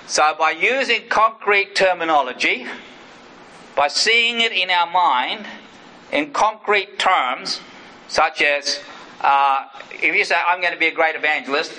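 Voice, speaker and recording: A middle-aged former missionary gives an earnest teaching sermon, often checking in with "right?" to repeat his points and acting out quoted prayers and speech. His fairly high voice is sharp, slow, and broken by frequent pauses, on a low-quality recording.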